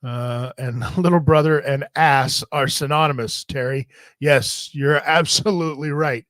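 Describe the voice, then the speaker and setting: A man's voice: mid-range voice, steady tone, unhurried, fairly bright tone, no room sound. A man hosting a talk show, telling a story in a casual, profane and jokey way. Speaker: host.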